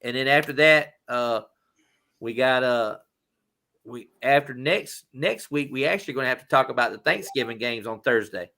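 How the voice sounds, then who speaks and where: A man's voice: medium pitch, vocal fry, bright, forceful tone. A man co-hosting a podcast, talking sports casually and rambling, with lots of fillers and restarts. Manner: rambling, halting with many fillers. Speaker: podcast co-host. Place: live-streamed podcast.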